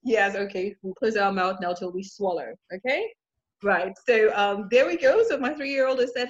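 A woman with a medium-pitched voice hosts a podcast at normal speed, chatting casually and addressing her listeners directly in a friendly way. The sound is dull and lo-fi.

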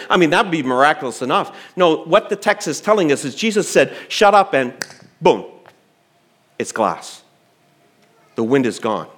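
Lively, animated man preaching a sermon. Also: high-pitched. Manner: animated preacher acting out quotes with sudden loud and soft turns. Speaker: pastor. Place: church hall.

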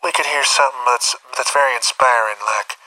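A man putting on the voice of a lonely, heartbroken woman calling a radio show, soft and pleading. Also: medium pitch, a little fast, no room sound, poor audio. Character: lonely heartbroken female radio caller, meek.

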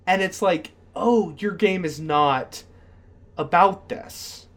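A man co-hosting a casual podcast chat speaks slowly in a high voice, animated and excitable, tripping over lots of "like" fillers and restarts.

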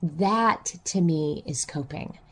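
A woman's voice: low-pitched, slow pace, slightly rough. A woman speaking as a counselor guest in an interview, talking reflectively and acting out her clients' voices. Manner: animated, acts out clients' voices.

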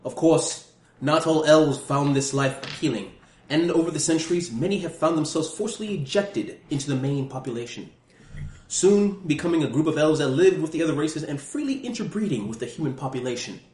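A man's voice: on the high side, animated, a little fast, darkish tone, lightly acted. Man putting on a british-accented scholar voice, haughty and grand, fantasy guidebook reading, echoey room, one table mic. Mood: grandiose. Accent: put-on British. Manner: mock-grand, theatrical. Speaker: dungeon master. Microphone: single USB mic in the middle of the table.

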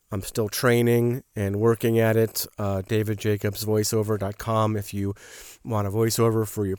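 A man with a hoarse, sick-sounding voice, chatting casually in a rambling solo monologue with many fillers. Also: on the low side, a little mellow, dry recording, studio quality. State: hoarse from a cold. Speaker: podcast host and voiceover artist.

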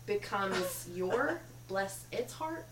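A woman's voice: medium pitch, animated, very slow, reverberant, recorded from a distance, a crowd in the background, rough recording. A woman from Ohio, a therapist guest, explaining things in an amused, easygoing way. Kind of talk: casual chat.

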